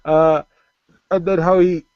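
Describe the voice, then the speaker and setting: A man's voice: on the high side, level tone, slow, clear, resonant tone, no room sound. A man co-hosting a podcast in casual chat, enthusiastic and jokey, swearing freely. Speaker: podcast co-host. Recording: dry, slightly muffled lo-fi audio.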